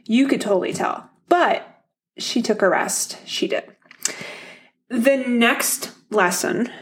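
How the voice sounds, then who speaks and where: A woman hosting a casual solo podcast, talking bluntly and motivationally to her listeners, swearing often and laughing easily. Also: on the high side. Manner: motivational, addresses listeners directly. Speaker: podcast host.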